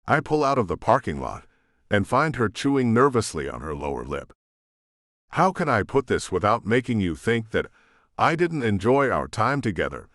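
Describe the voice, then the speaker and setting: A man narrating a romance audiobook in the first person, with an expressive reading. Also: on the low side, moderate pace, no echo, clean studio sound.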